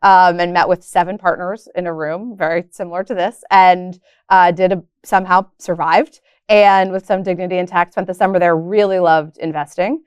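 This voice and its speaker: Woman from the Bay Area, interview guest, low smooth voice, dry close sound. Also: steady tone, normal speed, no room sound. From Bay Area, California. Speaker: guest, venture capitalist. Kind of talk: casual interview conversation.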